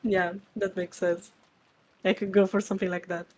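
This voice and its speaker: A woman's voice: medium pitch, little pitch movement, normal speed, a loud crowd. A woman guest on a stream chatting casually, very tired, with a stuffy nose, giggling and hesitant. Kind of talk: casual chat.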